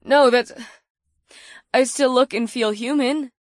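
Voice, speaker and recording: A woman's voice: fairly high pitch, moderate pace, no room sound, studio quality, natural voice. A woman playing a blunt, rattled young student.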